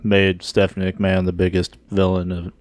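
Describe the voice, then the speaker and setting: A man interjecting matter-of-factly during a casual podcast chat. His voice is low and smooth, and the recording is dry and close. He speaks plainly, without fuss. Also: completely flat delivery, normal speed, no echo. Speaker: podcast co-host.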